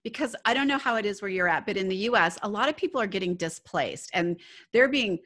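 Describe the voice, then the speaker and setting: A woman's voice: medium pitch, expressive, fast talker, fairly bright tone. A woman hosting an interview podcast, asking encouraging questions. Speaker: podcast host.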